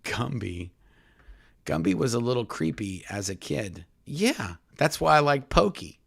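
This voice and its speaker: A man's voice: mid-range voice, very animated, measured pace, gravelly, a bit bright. A man co-hosting a casual live podcast Q&A, chatty and talking straight to his viewers. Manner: chatty, reads viewer comments aloud, addresses "folks". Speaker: podcast co-host.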